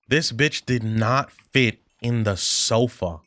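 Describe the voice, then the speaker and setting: A man's voice: medium pitch, moderate pace, hardly any pauses, fairly bright tone, no room sound. Rambling, profane male livestreamer. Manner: rambling, profane, reads chat aloud and reacts. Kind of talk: casual livestream chat while gaming.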